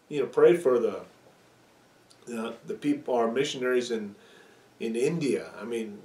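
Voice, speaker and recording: A man's voice: medium pitch, normal speed, long pauses, a little mellow, recorded from a distance. A male pastor preaching a sermon, telling stories earnestly and leading a prayer. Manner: storytelling, earnest, with restarts. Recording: echoey room, away from the mic.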